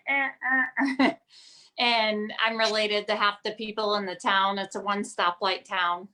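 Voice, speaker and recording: A woman's voice: medium pitch, sharp tone. A woman from Ohio, a stand-up comedian, telling stories in a brash, profane, casual way. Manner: brash, profane storytelling with laughs. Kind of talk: casual chat.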